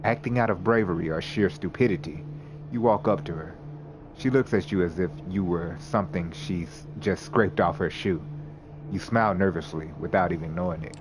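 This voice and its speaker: A man's voice: sits low, normal speed, noisy background. A man reading a visual novel aloud, laughing and correcting his own misreads as he goes. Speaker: let's play narrator.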